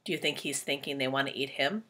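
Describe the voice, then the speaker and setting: A woman teacher reading a storybook aloud to children, animated and stopping to ask them questions. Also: very deep voice, fast talker, breathy edge.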